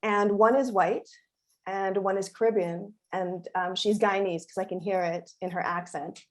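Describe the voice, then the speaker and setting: A female author moderating a panel, opening with an expressive, heartfelt personal story. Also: mid-range voice, normal speed.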